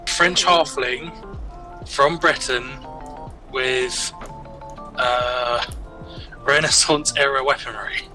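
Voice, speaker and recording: A man's voice: medium pitch, very slow, pauses often, over music, poor audio. A man chatting casually on a voice call with his gaming group, rambling with plenty of fillers and restarts. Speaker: player in a group game stream.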